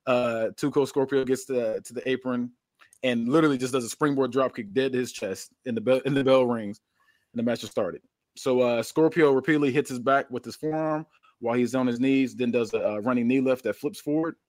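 A man's voice: mid-range voice, steady tone, fairly quick, a little mellow, no room sound, studio quality. A man casually recapping action step by step with many fillers, as a podcast host. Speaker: podcast host describing his booked wrestling show.

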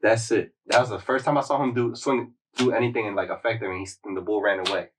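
A young man in casual chat, retelling a show in a loose, slangy, animated way. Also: lowish voice, fast, recorded from a distance, a little hiss or hum, rough recording. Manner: loose, slangy storytelling with frequent "like" and laughter. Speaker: podcast co-host recapping a show.

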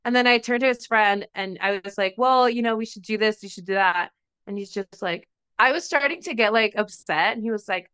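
A woman's voice: medium pitch, a little fast, clear, resonant tone, no echo. A young woman co-hosting a podcast, telling a story in casual chat and acting out the quotes as she goes. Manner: animated storytelling, acts out quotes, frequent "like". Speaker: podcast co-host.

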